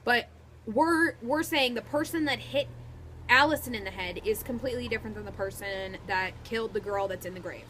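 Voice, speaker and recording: A woman's voice: a little high, fairly quick, pushed and bright, slight background noise. A young woman co-hosting a vlog in casual chat, brash and crude, cutting in often. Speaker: vlog co-host.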